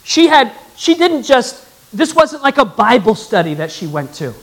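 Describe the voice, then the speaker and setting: A man's voice: very high-pitched, very animated, normal speed, fairly bright tone, low-quality recording. A male pastor preaching a sermon, emphatic and calling on the congregation to answer back. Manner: emphatic, calls for congregation response.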